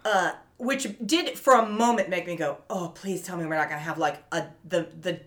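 A woman co-hosting a casual podcast, retelling a TV episode and acting out the characters' lines. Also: on the low side. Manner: animated, acts out characters' lines in quick quotes. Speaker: podcast co-host. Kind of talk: casual chat recapping a TV episode.

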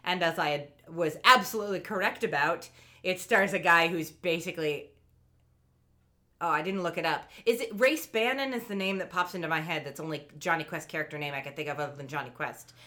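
A woman co-hosting a podcast in casual chat, sarcastic and quick to laugh, swearing freely. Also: lowish voice, bright, forceful tone. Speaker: podcast co-host.

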